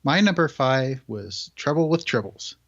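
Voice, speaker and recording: A man co-hosting a podcast, talking in a relaxed, unhurried casual way. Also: medium pitch, gravelly, dull audio. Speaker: podcast co-host. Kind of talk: casual chat.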